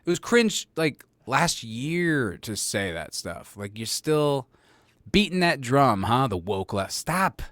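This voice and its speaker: A man hosts his own podcast from home on a close desk mic, offering casual solo commentary that's sarcastic, rambling, and full of swearing, often laughing at his own jokes. His medium-pitched voice is sing-song and fairly bright, the pace is slow, and the recording is dry.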